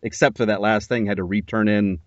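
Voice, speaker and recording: A man's voice: fairly low pitch, steady tone, fairly quick, no echo. A man hosting a podcast who talks in an easygoing, conversational way and laughs often. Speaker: podcast host interviewing a narrator. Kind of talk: casual chat. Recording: dull lo-fi dry recording.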